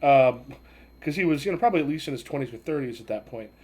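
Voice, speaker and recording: A man narrating as game master of a tabletop game, rambling and halting with many fillers. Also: mid-range voice, expressive, a little mellow.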